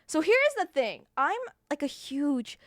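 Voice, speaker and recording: Lively high-voiced woman streamer. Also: slow pace, dry recording, studio quality. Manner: animated storytelling with frequent laughs and swearing. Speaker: live streamer. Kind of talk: casual chat to stream viewers.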